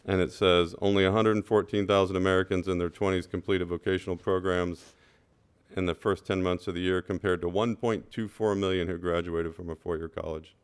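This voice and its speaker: A man on a school board, speaking at a meeting and telling an anecdote with lively asides and "right?". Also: deep voice, normal speed, smooth. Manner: animated storyteller, repeats "right?".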